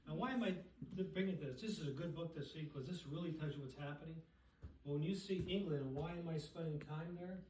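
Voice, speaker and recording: A man's voice: on the high side, fairly quick, darkish tone, a little hiss or hum. A man casually presenting books to a dinner group, often checking in with "okay?" and "right?". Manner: chatty, keeps asking "okay?" and "right?". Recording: echoey room, voice from far off.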